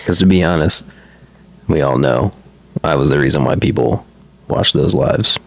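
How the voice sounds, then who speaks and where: A man's voice: extremely low pitch, normal speed, vocal fry. A man co-hosting a podcast who drops in short, dry joking remarks during a casual chat. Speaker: podcast co-host.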